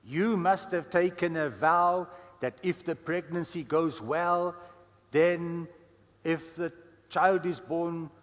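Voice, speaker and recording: A man's voice: a little high, fairly even intonation, slow pace, long reverb tail. A man preaching a sermon in a conversational storytelling way, with frequent fillers. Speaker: guest preacher.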